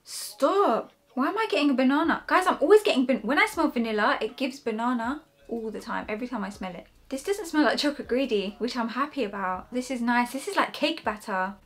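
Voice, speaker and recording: Young woman, excitable perfume vlogger, slightly high voice. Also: fairly quick, hardly any pauses. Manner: gushing, excitable, talks to viewers. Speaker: fragrance reviewer. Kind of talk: casual haul vlog.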